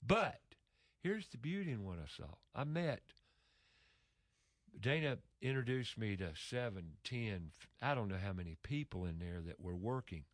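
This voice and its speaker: A man's voice: on the low side, very animated, moderate pace, dry recording, studio quality. A man speaking in a casual conversation, telling an emotional story earnestly with frequent restarts.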